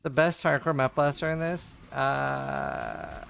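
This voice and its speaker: A man's voice: mid-range voice, wildly swooping pitch, slow, creaky, a bit bright, slight background noise. A man live-streaming a game, chatting casually and answering his chat between plays.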